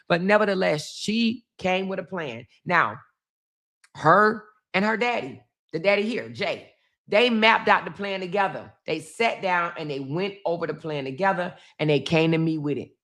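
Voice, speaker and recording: A woman's voice: on the low side, normal speed, gravelly, a bit bright. A middle-aged woman, telling a family story to her viewers in a casual, emphatic way, repeating phrases. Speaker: vlog host.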